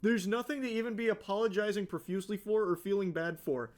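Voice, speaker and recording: High-voiced sarcastic young male streamer. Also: fast talker, darkish tone. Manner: sarcastic, swearing. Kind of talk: reading a post aloud and reacting.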